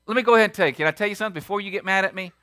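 A man preaching a sermon as pastor, emphatic and quick to throw questions at the congregation. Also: sits high, pushed and bright, no echo, clean studio sound.

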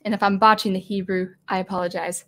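A woman's voice: medium pitch, level tone, fast, a bit bright. Woman teaching melody, voice getting dry. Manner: thinking aloud with many fillers and restarts, singing short examples. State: throat getting dry, voice going. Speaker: music composition teacher. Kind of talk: casual video lesson on melody. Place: at home with a digital keyboard.

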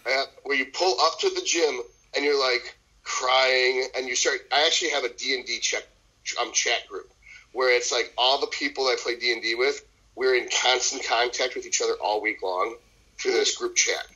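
Profane, storytelling podcast man with a husky voice. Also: mid-range voice, fairly even intonation, normal speed, bright, forceful tone, low-quality recording. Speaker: podcast co-host. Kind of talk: casual podcast chat.

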